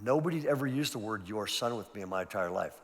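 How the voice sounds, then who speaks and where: In a large church hall, an older man who is a pastor delivers a conversational, emphatic seminar talk in sermon style, packed with personal stories. He talks fast in a fairly low, expressive voice, and the hall's long reverb carries through.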